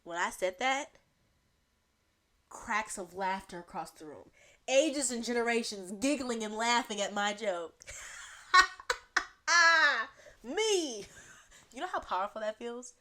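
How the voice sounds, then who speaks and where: Young woman, podcast host, solo comedic rant; animated, rambling, quick to laugh. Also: medium pitch.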